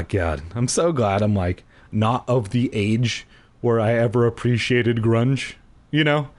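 A young man casually reading a story aloud, animated, with jokey asides and a husky voice. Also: mid-range voice, measured pace. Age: young adult. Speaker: reader of books aloud.

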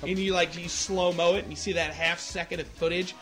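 High-voiced man swearing through podcast banter. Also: flat delivery, brisk, a bit bright, faint music behind. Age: adult, married. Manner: profane, laughing, loose banter. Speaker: podcast co-host. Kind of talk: casual podcast chat.

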